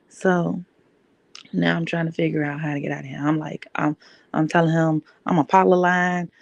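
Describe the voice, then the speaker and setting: A woman's voice: fairly low pitch, vocal fry, dry recording. A woman podcast host telling a personal story in an emphatic way, repeating key phrases.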